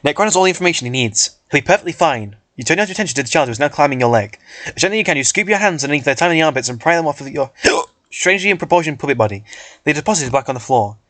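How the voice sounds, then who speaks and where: A man's voice: a little high, expressive, very fast, fairly bright tone, no room sound. Casual man reading a fan comic aloud. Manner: casual, swears, stumbles over words. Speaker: reader.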